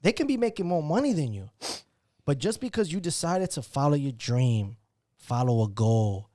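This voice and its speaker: A man's voice: fairly high pitch, normal speed, no room sound, clean studio sound. A man co-hosting a podcast, musing in casual chat about people and happiness. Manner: reflective, preachy, lively intonation.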